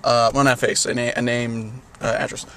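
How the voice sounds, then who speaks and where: A man's voice: mid-range voice, little pitch movement, fairly quick, pushed and bright. A young man telling a rambling story in a casual vlog, full of "like" and "you know", often laughing. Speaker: vlogger.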